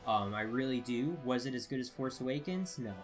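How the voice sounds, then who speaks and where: A man talks through a casual review in a middle-pitched voice. He rambles, restarts his sentences and fills the gaps with "um" and "you know". Quiet music plays underneath. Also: lively intonation, brisk. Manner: rambling, full of fillers and restarts. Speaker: video reviewer.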